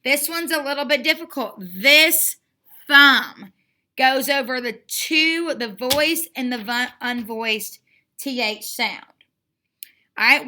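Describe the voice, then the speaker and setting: Phonics teacher lady, super slow, sounds out every letter, high bright voice, lots of good job. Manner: encouraging and repetitive. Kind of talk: children's phonics lesson.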